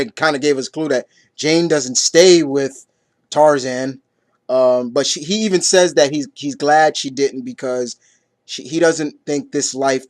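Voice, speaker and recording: A man's voice: medium pitch, no room sound. A man giving a casual comic book review, rambling and stumbling through his retelling with lots of fillers.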